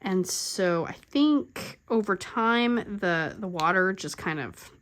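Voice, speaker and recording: A woman's voice: medium pitch, lively intonation, takes it slowly, a bit bright, a little hiss or hum. A middle-aged woman hosting a crafting channel, telling stories in casual chat, rambling with lots of "like" fillers and frequent laughs. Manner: chatty, rambling, full of "like" fillers.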